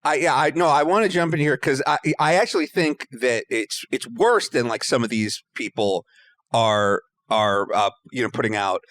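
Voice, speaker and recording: A man chatting casually as a podcast panelist, animated and emphatic, swearing freely. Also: medium pitch, normal speed, no room sound.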